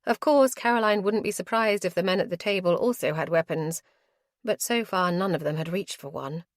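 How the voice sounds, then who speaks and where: Low-voiced woman reading a romance. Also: moderate pace, dry recording, clean studio sound. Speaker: audiobook narrator. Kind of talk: scripted romance narration.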